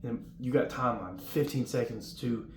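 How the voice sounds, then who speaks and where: A young man giving casual, rambling advice about basic training and acting out the drill yelling now and then. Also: medium pitch, normal speed. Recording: roomy with faint room noise.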